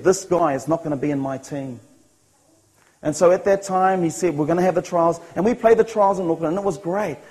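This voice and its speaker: Man, New Zealand accent, high voice, testimony sermon, earnest storyteller. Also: a little mellow, rough recording. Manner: earnest storytelling, voicing his own thoughts, chuckles at himself. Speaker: speaker giving a personal testimony.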